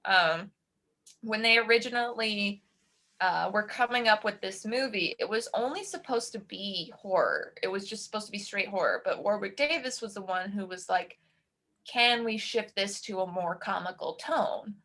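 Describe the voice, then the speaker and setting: A woman co-hosting a casual horror-film chat, talking in a chatty, animated way and laughing often. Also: mid-range voice, moderate pace. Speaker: podcast co-host.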